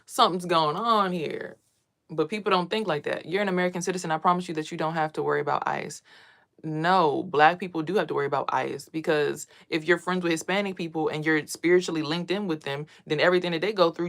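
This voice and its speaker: A young adult woman, a spiritual vlogger, talking casually and bluntly to camera with lots of swearing, getting louder as she gets worked up. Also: low voice, brisk, creaky. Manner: blunt, profane, ranting; animated, swings louder when worked up.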